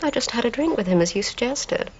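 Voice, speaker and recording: A woman's voice: fairly high pitch, animated, fast talker, dull audio. An actress playing an arch, mocking upper-class woman with a posh English accent. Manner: crisp, mocking. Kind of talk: TV drama acting.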